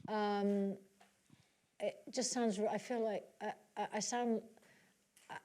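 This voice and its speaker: A woman's voice: mid-range voice, little pitch movement, takes it slowly, dark tone. Reflective woman with a British accent. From United Kingdom and United States. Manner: reflective, searching for words. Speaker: guest actress. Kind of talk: live onstage conversation. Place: public talk in a library hall.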